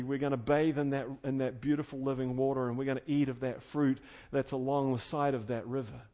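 A man preaching an expository sermon, earnest and conversational, swinging between loud fervent emphasis and quiet intimate tones. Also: mid-range voice. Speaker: pastor.

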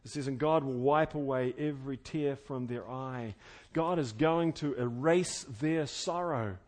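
A man preaching an expository sermon, earnest and conversational, swinging between loud fervent emphasis and quiet intimate tones. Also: a little high. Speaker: pastor.

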